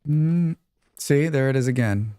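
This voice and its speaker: Male game streamer, relaxed and rambling, clear dry close voice, reads chat. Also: mid-range voice, measured pace, no room sound. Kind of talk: casual live-stream chat while playing.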